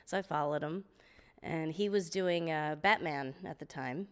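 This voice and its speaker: A middle-aged woman, a guest singer, telling lively stories in an interview, often laughing and acting out what people said. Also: low-pitched, measured pace, clear, resonant tone. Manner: lively storyteller, laughs often, acts out quotes. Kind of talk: storytelling interview. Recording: long hall reverb.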